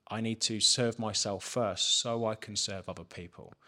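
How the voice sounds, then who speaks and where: A man's voice: fairly low pitch, fairly even intonation, normal speed, pushed and bright. A man, a podcast guest telling a candid personal story and swearing freely. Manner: frank, swears freely, acts out his own inner questions.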